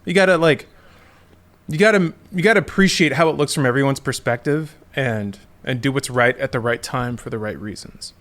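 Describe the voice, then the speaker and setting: A man's voice: medium pitch, brisk, fairly bright tone. A man in his thirties co-hosting a podcast, musing aloud in a loose, rambling casual chat and often correcting himself. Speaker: podcast co-host.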